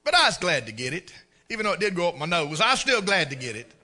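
A man's voice: sits high, quick pace. A man preaching a sermon, telling folksy stories and acting out the scenes. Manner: folksy, animated storyteller who acts out scenes. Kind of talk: storytelling sermon.

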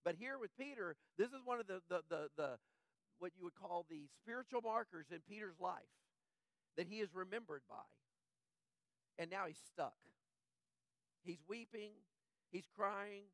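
A male pastor preaching a conversational sermon, often checking in with "right?" and dropping soft and low in tender moments. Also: lively intonation, normal speed, long pauses, no echo.

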